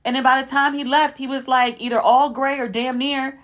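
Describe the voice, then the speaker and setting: A woman hosting a podcast, telling stories in a chatty, animated way with asides to her listeners. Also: high-pitched, moderate pace. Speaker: podcast host. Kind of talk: casual storytelling recap.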